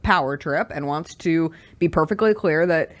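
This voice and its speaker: A woman joining a sports radio show in studio, chatting casually with wry remarks. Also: low voice. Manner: quick agreeing interjections, wry. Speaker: studio guest co-host.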